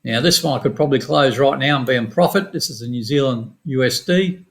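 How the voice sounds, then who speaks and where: A middle-aged man with an Australian accent walking through his forex trades in a quick, casual, matter-of-fact way with some slang. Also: medium pitch, a bit bright. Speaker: forex trading educator. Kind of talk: screen-share chart walkthrough.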